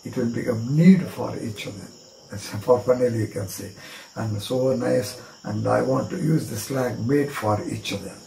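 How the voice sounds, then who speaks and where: A man's voice: mid-range voice, normal speed, creaky, mellow, roomy sound, slight background noise, rough recording. Indian man teaching a card trick. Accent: Indian English. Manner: spells words out letter by letter, repeats chants. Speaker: magic teacher.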